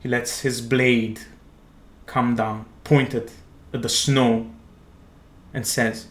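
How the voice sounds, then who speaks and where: Man, game master, slow dramatic narration, echoey room. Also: medium pitch, level tone, a bit bright.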